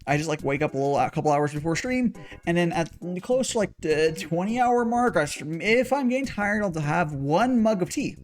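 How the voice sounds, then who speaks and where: A young man chatting casually on a livestream while making tea, rambling with lots of restarts and repeated words. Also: a little high. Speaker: streamer.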